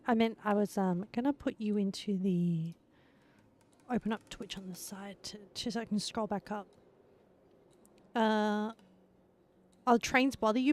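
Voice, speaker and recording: A woman's voice: mid-range voice, darkish tone. A woman streaming live, chatting casually with her viewers and laughing often as she plays.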